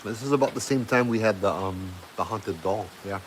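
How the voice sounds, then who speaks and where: With a lowish voice moving a little fast, this man from Hawaii hosts a livestream and spins a ghost story for his chat. He's casual and meandering, restarting and using fillers often, and the audio is poor with slight background noise.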